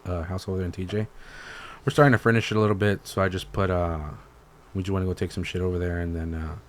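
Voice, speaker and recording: A man's voice: low voice, a little hiss or hum. A man co-hosting a podcast, telling stories in a laid-back, slangy, profane casual chat. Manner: laid-back slangy storytelling, lots of swearing. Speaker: podcast co-host.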